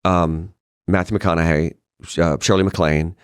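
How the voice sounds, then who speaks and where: A middle-aged male actor guesting on a podcast, telling stories in a lively, casual way and acting out what other people said. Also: low-pitched, a little slow, clean tone, no echo, studio quality. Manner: animated storyteller who acts out quoted voices. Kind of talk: casual anecdotal storytelling. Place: podcast studio.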